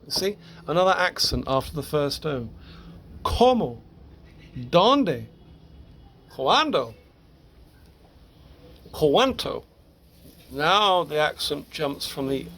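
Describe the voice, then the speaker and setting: A man's voice: fairly high pitch, fairly bright tone. A man teaching Spanish grammar in a recorded lesson, explaining patiently step by step with the occasional small laugh.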